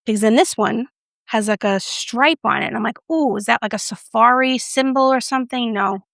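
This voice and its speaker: A woman doing a casual makeup review vlog, chatty and playful, with self-mocking asides and soft whispered moments. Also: fairly high pitch, normal speed, gravelly, dry recording, studio quality. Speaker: beauty reviewer.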